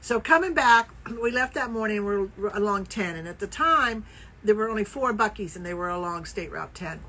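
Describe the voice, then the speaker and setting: A woman co-hosting a casual knitting podcast, telling stories with lively acted-out quotes. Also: medium pitch, normal speed, low-quality recording. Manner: animated storyteller, acts out quoted voices. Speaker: podcast co-host. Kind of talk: casual chat.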